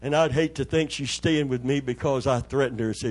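A man's voice: medium pitch, steady tone, a little fast, a little mellow. An older man, a pastor preaching a Pentecostal sermon in a church, joking in a folksy way and calling on the congregation for amens.

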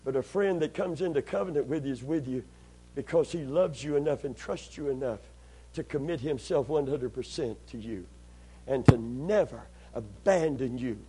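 A man preaching a sermon, calling for amens, swinging from steady teaching into impassioned shouting. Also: medium pitch, moderate pace, slight background noise. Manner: call-and-response, rising to impassioned shouting.

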